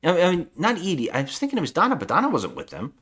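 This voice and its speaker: A man's voice: on the high side, huge pitch swings, very fast, a bit bright, husky. A man co-hosting a podcast, casually recapping a movie plot in a rambling way, acting out quotes and swearing. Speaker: podcast co-host.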